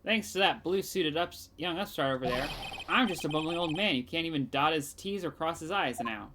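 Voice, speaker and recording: A woman's voice: deep voice, animated, brisk, noisy background. A woman voicing a cranky, boastful old man witness who grumbles and pities himself, reading game dialogue. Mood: grumbling. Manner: grumbling, self-pitying. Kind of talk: game dialogue read aloud. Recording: game music playing behind.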